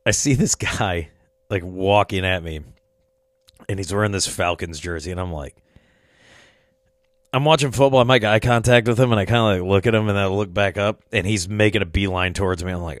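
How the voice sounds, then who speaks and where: A man's voice: on the low side, fairly quick, no echo, studio quality. A man hosting a podcast, rambling through a casual story, swearing a lot and laughing as he talks. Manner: rambling, swears often, laughs mid-sentence. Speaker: podcast host.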